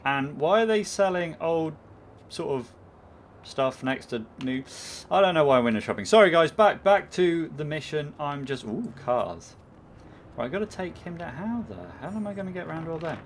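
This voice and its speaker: A man's voice: on the high side, very animated, moderate pace, a little hiss or hum. A man hosting a gaming channel, giving rambling, chatty let's play commentary full of fillers as he thinks aloud.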